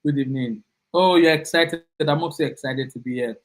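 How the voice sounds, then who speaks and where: A man's voice: a little high, brisk, low-quality recording. A young Nigerian man tutoring a live online class, greeting students by name in an upbeat, chatty way with lots of repeated words.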